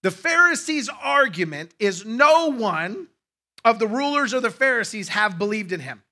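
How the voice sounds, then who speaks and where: A man's voice: high-pitched, big pitch swings, normal speed, bright, forceful tone. A male pastor preaching a sermon in a conversational way, with asides to his congregation.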